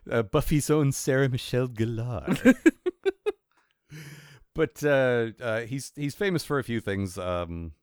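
A man's voice: medium pitch, takes it slowly, long pauses, darkish tone, clear, resonant tone, dry recording, studio quality. A man co-hosting a podcast in casual chat, rambling and wry, full of fillers and restarts. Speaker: podcast co-host.

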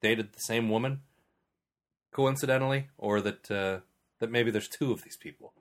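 A man's voice: medium pitch, normal speed. A man hosting a casual podcast, reading listener questions in a rambling way with frequent restarts. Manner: rambling, restarts often, chuckles between remarks. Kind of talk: casual chat.

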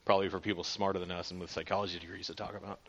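Male co-host, low fast voice, halting self-deprecating talker, dull lo-fi sound. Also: flat delivery, very noisy. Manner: self-deprecating, halting with many fillers and restarts, profane. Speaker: podcast co-host. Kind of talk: casual chat. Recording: muffled lo-fi audio.

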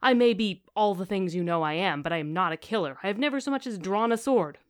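A woman reading aloud the lines of a glib, quick-tongued male con man who protests and argues. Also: mid-range voice, lively intonation, lightly acted. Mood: indignant.

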